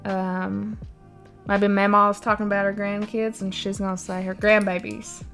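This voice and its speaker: A woman's voice: mid-range voice, flat delivery, fairly bright tone, soft background music. A young woman with an Appalachian accent, chatting casually and explaining local words. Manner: unhurried, explaining dialect words. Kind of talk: casual chat.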